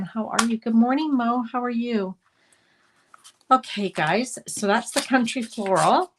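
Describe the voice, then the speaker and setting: A woman's voice: fairly low pitch, creaky, a little hiss or hum. A woman with a mild head cold, chatting through a live card-making demonstration and greeting viewers by name. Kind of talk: live craft demo chat.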